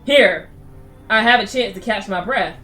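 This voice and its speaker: A woman's voice: mid-range voice, unhurried, sharp tone. A woman voicing a weary, sweet but pushy old woman visitor who keeps calling people dearie. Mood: coaxing. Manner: calls everyone dearie, chatty and coaxing.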